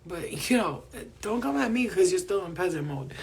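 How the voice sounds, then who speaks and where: A woman's voice: fairly low pitch, normal speed, gravelly, slightly rough. A woman hosting a casual spiritual livestream, reading viewer comments, laughing often and swearing freely. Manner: profane, laughing often, animated.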